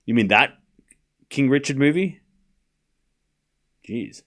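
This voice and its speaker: A man's voice: mid-range voice, animated, slow, fairly bright tone. A young Australian man streaming a tennis watchalong, calling scores and bantering with chat in a joking, sarcastic way. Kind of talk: live watchalong commentary and chat.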